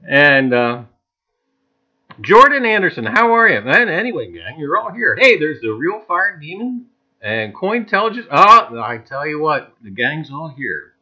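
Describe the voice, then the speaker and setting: A man's voice: on the high side, sing-song, a little slow, pushed and bright. A man with a New Jersey accent hosting a live stream, greeting chat viewers by name with lots of "uh"s. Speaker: livestream host. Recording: dull lo-fi stream audio.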